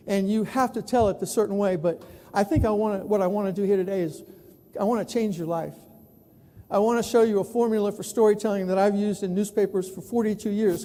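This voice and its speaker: A man in his sixties from New York City, giving an animated storytelling keynote talk. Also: high-pitched. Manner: animated, acts out other people's voices. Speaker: keynote speaker, newspaper columnist. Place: large conference hall. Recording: echoey hall with long reverb.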